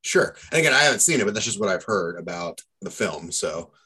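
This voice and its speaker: A man chats about films at a quick clip, piling on small hedges as he talks. His voice is fairly low and a bit husky. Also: animated, bright, forceful tone. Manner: quick, chatty, hedging with "I mean" and "you know". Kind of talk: casual movie discussion.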